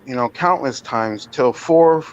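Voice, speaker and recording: Mod guy thanking everyone, slow and halting, muffled lo-fi sound. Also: medium pitch. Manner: halting, sincere, many fillers. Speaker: channel moderator. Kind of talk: casual memorial remarks on a live stream. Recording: dull lo-fi stream audio.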